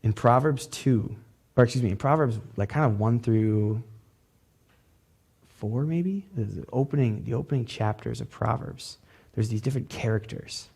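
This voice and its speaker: A man's voice: medium pitch, normal speed, gravelly, a little mellow, husky. A man pastor preaching a sermon in a loose, conversational way, dropping casual fillers.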